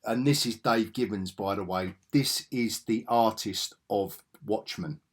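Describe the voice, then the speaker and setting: A man's voice: lowish voice, measured pace. A man, talking through old comics in an enthusiastic, rambling vlog. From England. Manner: enthusiastic and rambling, with frequent restarts. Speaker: comics vlogger. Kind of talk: casual nostalgic monologue.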